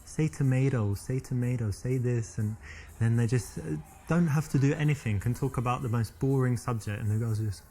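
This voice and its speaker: A man's voice: medium pitch, a little fast, dark tone, a little hiss or hum, lightly acted. A man playing a cocky British charmer. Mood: boastful. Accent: British (London). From England. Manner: boastful, teasing. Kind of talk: game dialogue acting.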